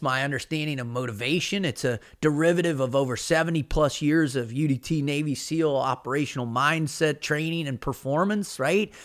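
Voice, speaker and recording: Brief: middle-aged male podcast host, earnest and emphatic, slightly higher voice, solo motivational talk. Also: a bit bright. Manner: earnest, emphatic, says "man" often.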